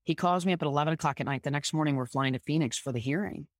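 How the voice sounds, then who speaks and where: Woman, podcast guest, emphatic storytelling, lower pitch, dry close sound. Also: racing, no room sound. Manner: emphatic, repeats key points with punchy delivery. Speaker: guest, sports agent. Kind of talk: conversational storytelling in a podcast interview.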